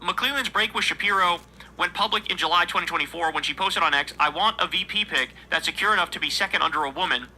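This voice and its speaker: A man with a bright, forceful voice reads political news and then rants about it, talking quickly in a heated, profane way. A faint hum of noise sits behind him. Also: high voice, poor audio. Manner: heated, profane, mocking asides. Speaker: political commentary streamer. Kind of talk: reading news and ranting commentary.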